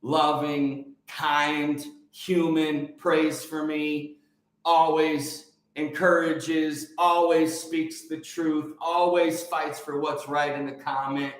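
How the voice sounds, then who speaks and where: A man hosting a casual livestream chat, excitable and energetic, often repeating words for emphasis. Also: fairly high pitch, takes it slowly, very echoey. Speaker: livestream host.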